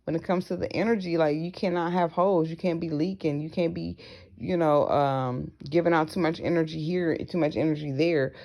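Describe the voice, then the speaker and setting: A woman's voice: sits low, steady tone, a little fast, mellow, dull audio. A woman talking frankly to her viewers in a casual vlog, blunt and profane, with slangy asides. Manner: acts out other people's voices in her stories. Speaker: vlogger. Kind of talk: casual personal vlog monologue.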